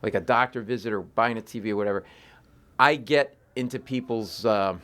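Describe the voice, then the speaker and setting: A man, a comedian, telling animated stories in an interview and acting out voices in his anecdotes. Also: fairly low pitch, brisk. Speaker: comedian guest. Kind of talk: storytelling interview chat.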